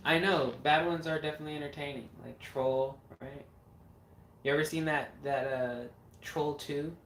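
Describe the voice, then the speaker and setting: A livestream host rambles casually and swears freely, talking at a middling pitch. The voice sits a little back from the mic in a roomy, echoey space, with a faint hiss of noise underneath. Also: steady tone, moderate pace, a bit bright, recorded from a distance. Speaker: livestream host and horror filmmaker.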